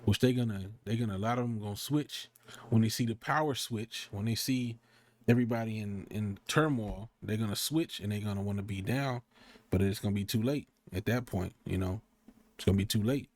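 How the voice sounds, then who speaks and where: Slangy, profane man preaching. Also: fairly low pitch. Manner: slangy, profane, rambling asides; slow, deliberate scripture reading. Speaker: street preacher. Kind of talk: casual sermon with scripture reading.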